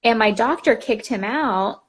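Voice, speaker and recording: A woman's voice: on the high side, animated, a little slow, breathy edge. Chatty young woman telling stories. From Texas, USA. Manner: chatty, storytelling with quoted voices and laughs. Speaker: podcast host. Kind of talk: casual chat. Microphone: video call.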